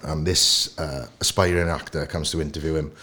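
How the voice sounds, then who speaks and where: A Welsh actor in his thirties, a guest in a casual podcast interview, telling lively anecdotes. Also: very deep voice, normal speed, husky. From Wales. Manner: animated storyteller who acts out anecdotes.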